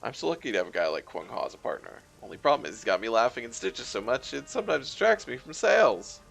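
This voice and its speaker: A man's voice: medium pitch, sing-song, quick pace, creaky, a bit bright, slightly rough, soft background music, heavily acted. A man voicing a jittery, wild-eyed male drone dealer who talks in an eager, fawning way.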